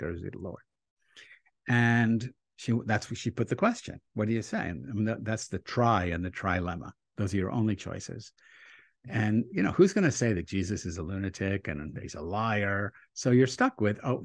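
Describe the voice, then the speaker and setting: A man, a rabbi, telling a story in a relaxed interview, animated and acting out the quotes he tells. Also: fairly low pitch, dry recording.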